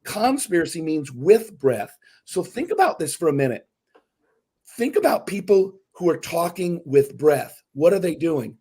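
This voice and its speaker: A man who is a guest on a talk podcast, a speaker and author, telling stories in animated, casual conversation. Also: fairly high pitch, unhurried, slightly rough. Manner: animated storyteller, breaks words down.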